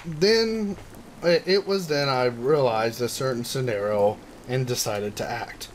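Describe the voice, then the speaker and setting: Hoarse man reading a story aloud. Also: medium pitch, unhurried, a little hiss or hum. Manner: stumbling, self-correcting reading. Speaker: reader of a visual novel.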